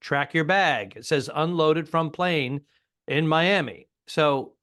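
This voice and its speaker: A man with a somewhat high voice co-hosts a comedy podcast. He talks in a chatty, rambling way and often interjects while his co-host is speaking. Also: takes it slowly, fairly bright tone. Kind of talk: casual comedy podcast chat.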